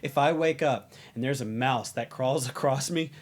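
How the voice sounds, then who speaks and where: A man's voice: medium pitch, normal speed. A man in a casual podcast chat with friends, chiming in with jokes. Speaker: podcast co-host.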